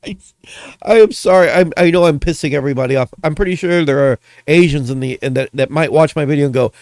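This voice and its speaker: A man hosting a gaming video, ranting casually in an animated, rambling way and tossing out playful insults. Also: medium pitch, a little fast, no room sound.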